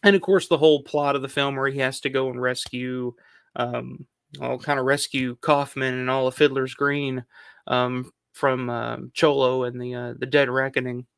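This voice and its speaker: A man's voice: medium pitch, flat delivery, moderate pace, vocal fry, clean tone, no room sound, clean studio sound. A man hosting a film countdown video, talking casually and rambling with lots of fillers and the odd swear word. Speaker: film review channel host.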